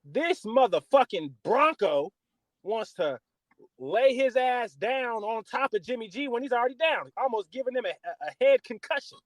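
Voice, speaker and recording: Animated, profane male podcast host. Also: very high voice, normal speed, dry recording. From US West Coast. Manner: animated, profane sports rant. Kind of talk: casual sports podcast chat.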